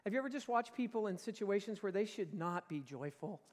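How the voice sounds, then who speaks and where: A man delivers a sermon from the pulpit, driving his points home with emphatic bursts and then easing off. His voice sits high for a man. The long reverb of a church sanctuary trails behind every phrase. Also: expressive, a little fast, darkish tone. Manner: emphatic preaching, rising and falling in force. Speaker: pastor.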